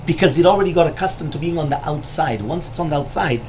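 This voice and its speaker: A Talmud teacher moves at a quick clip through a study lesson, chanting each Aramaic passage with mounting emphasis before explaining it in plain English. His voice is somewhat high for a man, and he explains line by line, repeatedly checking in with "right?" and "you understand?" A faint noise hums beneath the recording.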